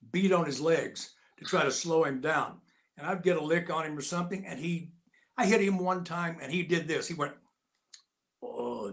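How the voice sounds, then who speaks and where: An older American man, an actor and Navy veteran, telling lively anecdotes as an interview guest and acting out the people he quotes. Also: on the high side. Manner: animated anecdotes with voiced quotes. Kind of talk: casual storytelling.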